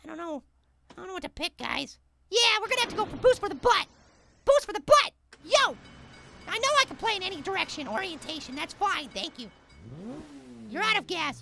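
A performer voicing a tiny, excitable male apple as host of a let's play, commenting on the game and talking straight to viewers. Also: extremely high pitch, creaky, background noise, full character voice. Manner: hyper, exclaiming, talks to viewers.

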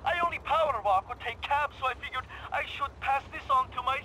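A man's voice: very high voice, brisk, pushed and bright, a little hiss or hum, exaggerated voice, low-quality recording. An actor playing a cheerful, grateful man in a video game. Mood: bubbly.

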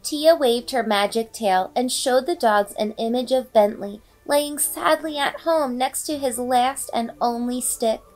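High-voiced woman reading a bedtime story. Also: unhurried, hardly any pauses. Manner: expressive, dramatic storybook reading. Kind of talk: bedtime read-aloud narration. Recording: faint background music.

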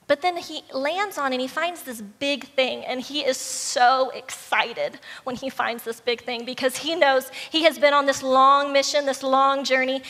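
Woman pastor, high bright voice, lively storytelling sermon, long church-hall reverb. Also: moderate pace. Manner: animated, acts out animal voices in the story. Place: church sanctuary.

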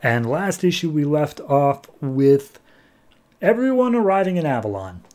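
A young man hosting a podcast, casually retelling a comic story and briefly voicing the characters' lines. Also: a little high. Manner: animated, slips into quick character voices when retelling dialogue. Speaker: podcast host.

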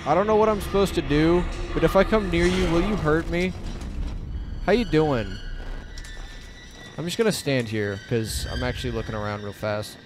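A man's voice: on the high side, animated, normal speed, long pauses, music in the background. A young man commentating his own gameplay, reacting nervously, swearing and talking to the characters on screen. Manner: jumpy, talks to game characters, swears. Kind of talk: let's play commentary.

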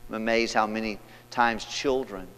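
A man preaching a sermon as pastor, reading scripture aloud and leading the congregation, moving between loud preaching and hushed passages. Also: lowish voice, fairly even intonation, normal speed. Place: church sanctuary. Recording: long hall reverb, church sanctuary.

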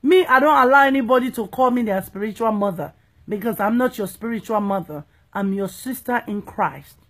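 Woman evangelist, high voice, emphatic and playful preaching. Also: fairly quick. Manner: emphatic, playful, repeats "you understand?". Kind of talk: preaching talk.

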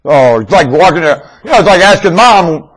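Man, webcam monologue, rambling, stammering, lively voice, a bit high. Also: normal speed, breathy edge. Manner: rambling, repeats himself, stammers on I. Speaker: webcam vlogger. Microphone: webcam mic.

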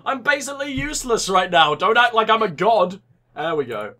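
A man's voice: sits high, sing-song, moderate pace, sharp tone. A young man riffing sarcastically and crudely while commentating his gameplay. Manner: sarcastic, rambling, crude jokes. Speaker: let's play host.

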